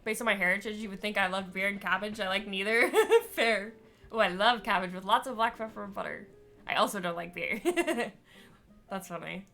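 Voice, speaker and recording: A woman's voice: medium pitch, normal speed, sharp tone, faint music behind. A woman chatting casually and rambling as she streams a story game, laughing often. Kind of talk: casual chat while gaming.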